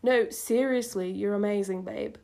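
A woman voicing a young male vampire who is doting and affectionate, in a soft, hushed read-aloud delivery. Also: medium pitch, moderate pace, gravelly, natural voice.

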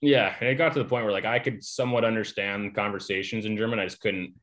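A man's voice: on the low side, fast talker. A young adult man, a guest in a casual chat, telling stories with lots of fillers. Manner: relaxed, filler-heavy storytelling. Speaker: guest, hockey player.

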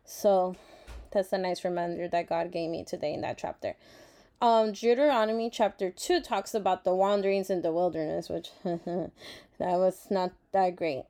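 A woman's voice: fairly low pitch, moderate pace, warm tone. A woman giving a casual Bible devotional reading, reflective and earnest, with many fillers, who talks openly about feeling emotional and grateful. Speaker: Bible study vlogger.

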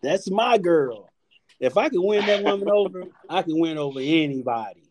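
A man hosting a casual live audio chat, joking loudly with lots of profanity and frequent laughter. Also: fairly high pitch, expressive, moderate pace. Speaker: show host.

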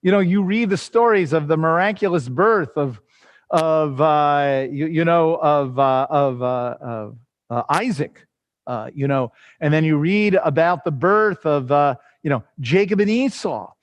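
High-pitched guy teaching the bible, lots of uh's and right?'s, super dry close sound. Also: no room sound, highs cut off. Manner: conversational, many "uh" fillers and "right?" checks; reads scripture slowly and deliberately.

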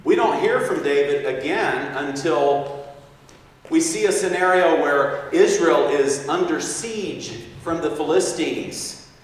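A man with a high-leaning voice preaches slowly, telling a story in an animated way, acting out quotes and chuckling often. He is in a large echoey hall, captured by a distant mic.

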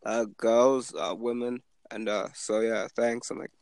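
Creaky and a little mellow, the young host's voice stays steady and a bit slow as he chats and spins stories, imitating quoted people in a higher voice. The recording is rough, with no room sound.

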